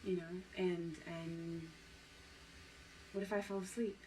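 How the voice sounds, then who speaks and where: A young student, halting and unsure, stops and restarts a lot. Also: female voice, on the low side, level tone, warm tone, a little hiss or hum, rough recording. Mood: hesitant. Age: young adult. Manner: hesitant, halting. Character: young female film student, hesitant accomplice. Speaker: film student. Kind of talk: found-footage film acting.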